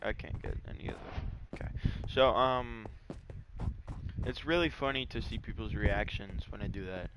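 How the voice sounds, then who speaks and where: A man's voice: on the low side, normal speed, background noise. A man chatting casually over gameplay, telling a rambling story with lots of fillers. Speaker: gaming YouTuber.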